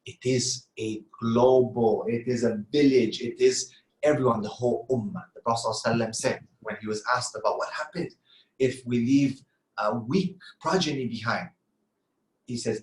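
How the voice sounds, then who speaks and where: A man's voice: mid-range voice, normal speed, reverberant, poor audio. A middle-aged man giving an earnest sermon-style talk on parenting, asking rhetorical questions and answering them himself. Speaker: Islamic lecturer.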